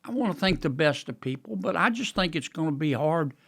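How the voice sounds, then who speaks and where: A man with a Louisiana Southern drawl, a guest chatting on a podcast with folksy dry wit and halting restarts. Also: fairly high pitch, expressive, gravelly. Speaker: guest senator. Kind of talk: casual podcast conversation.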